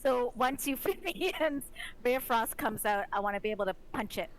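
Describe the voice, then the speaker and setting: A woman's voice: on the high side, expressive, moderate pace, slight background noise, low-quality recording. A woman from Canada playing a tabletop game, laughing and blurting out remarks. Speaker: player. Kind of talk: tabletop game play on a livestream.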